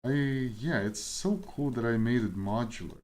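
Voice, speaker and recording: A man's voice: mid-range voice, lively intonation, normal speed, a little mellow. A young man streaming, chatting casually and rambling while he codes, often stopping mid-sentence and laughing. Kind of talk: casual chat while coding.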